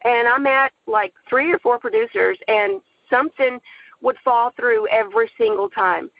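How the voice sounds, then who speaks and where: A woman's voice: on the high side, normal speed, dry recording, highs cut off. A woman director telling her personal faith testimony in an earnest storytelling way, acting out the quoted dialogue. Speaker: film director and writer.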